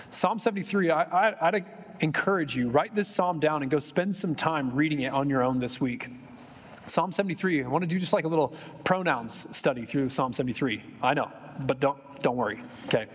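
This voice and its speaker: A man's voice: a little high, breathy edge, big-room sound. A male pastor preaching a sermon in a church, talking conversationally with joking asides and building to impassioned emphasis. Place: church sanctuary.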